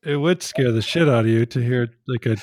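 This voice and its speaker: A man's voice: medium pitch, a little fast, a little mellow, no room sound. A man interviewing, reacting with brief interjections in a casual chat.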